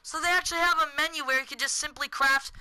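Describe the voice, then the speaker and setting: A woman's voice: high voice, fairly even intonation, fast talker, sharp tone, no echo, poor audio. A teenage girl commentating a horror game, hyper and jumpy, yelping and screaming at every scare. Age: teens. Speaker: gaming commentator. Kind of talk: let's play commentary.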